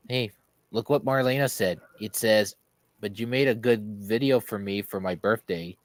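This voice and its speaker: Slow, low-voiced man talking gently. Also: no room sound. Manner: slow and reassuring, with fillers and restarts.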